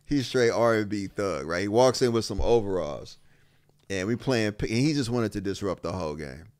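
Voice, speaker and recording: A former pro basketball player telling a story in a casual interview, acting out the quotes. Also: male voice, lowish voice, normal speed, dry recording. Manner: animated, acts out quotes.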